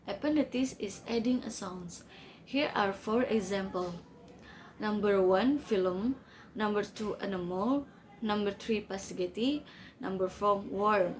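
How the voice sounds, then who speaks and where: A woman's voice: mid-range voice, a little hiss or hum, rough recording. A young woman student giving a class presentation, reading carefully from her notes.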